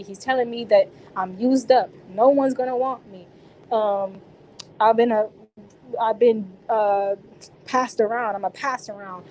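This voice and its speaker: A woman's voice: medium pitch, a little mellow, slight background noise, rough recording. A woman being interviewed, recounting a personal experience in casual, slangy speech with frequent restarts.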